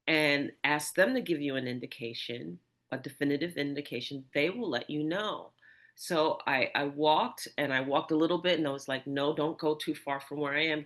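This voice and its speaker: A podcast host telling a personal story in casual conversation, animated, with frequent restarts and asides. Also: mid-range voice.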